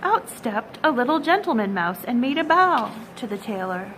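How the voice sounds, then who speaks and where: A woman reading a children's storybook aloud in a gentle, expressive storytelling manner. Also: a little high, moderate pace, a little hiss or hum, low-quality recording.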